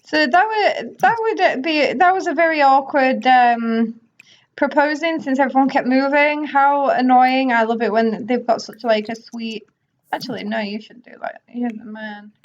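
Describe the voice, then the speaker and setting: Chatty woman, slightly lo-fi. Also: high-pitched. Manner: chatty, voices characters in quick asides. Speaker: gaming video host. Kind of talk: casual gameplay commentary. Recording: slightly dull lo-fi audio.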